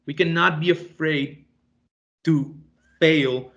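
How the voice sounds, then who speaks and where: A young man tells a personal story to an audience with a bright, forceful tone. His voice sits a little high and jumps around as he acts out the dialogue he quotes. He is lively and expressive throughout. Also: slow, lo-fi sound. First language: Spanish. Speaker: speaker.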